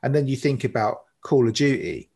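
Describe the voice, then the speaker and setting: A man's voice: medium pitch, expressive, moderate pace, darkish tone, slightly rough. A man co-hosting a gaming podcast in casual chat, swearing freely and joking at his own expense. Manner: swears freely, wry and self-mocking. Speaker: podcast co-host.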